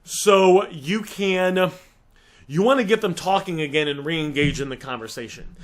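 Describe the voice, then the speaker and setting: Emphatic, high-voiced male sales coach. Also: a little slow. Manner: direct, emphatic, addresses listeners as guys. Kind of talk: teaching a sales script.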